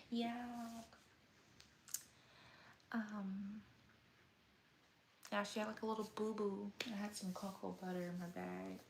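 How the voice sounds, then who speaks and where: Slow, easygoing woman live-streaming at night. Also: mid-range voice, a little hiss or hum. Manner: relaxed and rambling, with frequent hesitations. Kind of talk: casual late-night live stream chat.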